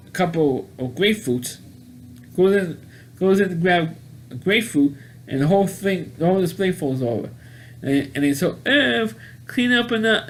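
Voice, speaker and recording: A man casually recapping a movie plot, rambling and halting with many restarts and repeated words. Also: fairly high pitch, a little mellow. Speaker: movie reviewer.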